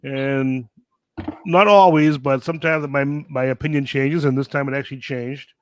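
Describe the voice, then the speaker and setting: A man co-hosting a podcast in relaxed casual chat, hesitating with fillers. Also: mid-range voice, moderate pace, dry recording. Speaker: podcast co-host.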